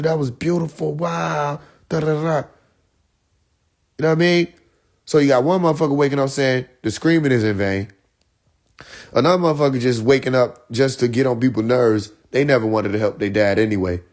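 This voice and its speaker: A man ranting in a casual live-stream monologue, blunt and full of profanity, acting out the people he quotes as he tells a long analogy. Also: mid-range voice. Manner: animated storyteller who acts out the people he quotes; heavy profanity, blunt and exasperated. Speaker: livestreamer.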